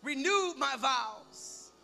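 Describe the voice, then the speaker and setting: A man preaching a sermon, shouting in bursts and then dropping to quiet prayer. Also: very high voice, expressive, drawn-out words, creaky. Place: church hall. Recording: long hall reverb with music behind.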